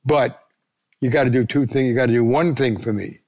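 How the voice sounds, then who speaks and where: A man's voice: medium pitch, a little fast, darkish tone. An older man, a retired sports columnist, telling anecdotes as a guest and acting out the voices he quotes. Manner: gravelly, acts out quoted voices.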